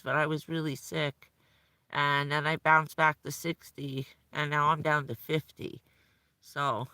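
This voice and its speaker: Gravelly, chatty middle-aged woman. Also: low-pitched, pushed and bright, dry recording. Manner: rambling, chatty, laughs often. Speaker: live streamer. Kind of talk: casual live-stream chat. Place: vehicle at night in the cold.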